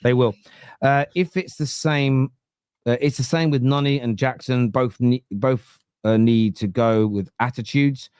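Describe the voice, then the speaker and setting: A man's voice: mid-range voice, a little slow, clean tone, no echo. East London man, 30s, football pod host, London accent, blunt swearing storyteller, dry close sound. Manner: animated storyteller, swears freely, acts out quotes. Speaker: podcast host. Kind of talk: casual football podcast chat.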